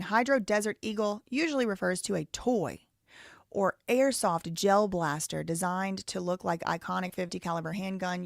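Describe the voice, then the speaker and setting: A woman with a Southern American accent and a creaky, medium-pitched voice hosts a live show, chatting casually and thinking aloud as she reads out viewer donations and messages. The recording is dry and studio quality.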